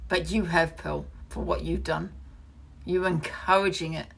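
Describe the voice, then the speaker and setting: A woman's voice: lowish voice, steady tone, unhurried, gravelly, a bit bright. A woman ranting angrily on a live stream, swearing and repeating accusations. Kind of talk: heated live-stream rant.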